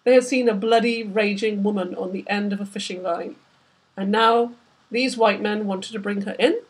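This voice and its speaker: A woman's voice: medium pitch, steady tone, normal speed, husky. A woman, the author, reading aloud from her novel with vivid, dramatic storytelling. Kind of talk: literary reading.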